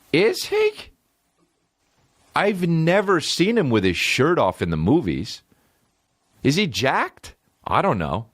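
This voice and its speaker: A man's voice: lowish voice, no room sound, studio quality. A male comedian hosting a podcast, riffing crudely and rambling from joke to joke in a casual style. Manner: crude, rambling, jumps into quick voiced bits.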